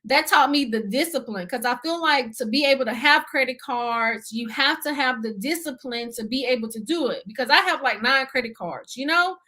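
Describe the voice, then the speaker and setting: Young woman, high bright voice, earnest, chatty, many fillers, interview guest. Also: normal speed, few pauses. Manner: earnest, talkative, many fillers and "you see what I'm saying". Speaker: guest, budgeting YouTuber. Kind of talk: casual interview chat.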